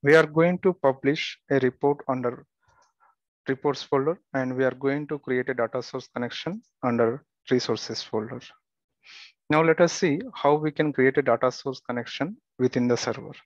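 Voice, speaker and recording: A man teaching a software tutorial, giving steady step-by-step instructions with the odd filler and restart. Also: mid-range voice, normal speed, no room sound, muffled recording. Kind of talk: screen-recorded software tutorial.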